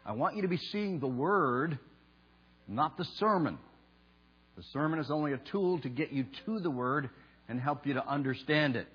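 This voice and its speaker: Husky guy preaching slow and emphatic in a church, kinda muffled recording w/ mains hum. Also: a little high, animated. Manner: slow, emphatic, leads the congregation in call and response. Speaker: pastor. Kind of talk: sermon. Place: church sanctuary. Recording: dull lo-fi sound with mains hum.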